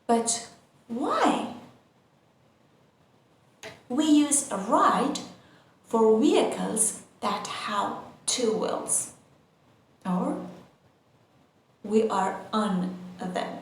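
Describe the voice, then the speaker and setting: A woman's voice: on the high side, lively intonation, drawn-out words, long pauses. A woman teaching English vocabulary, repeating each word twice and checking in with the listener. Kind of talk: slow, repetitive vocabulary lesson. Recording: very echoey room, faint noise.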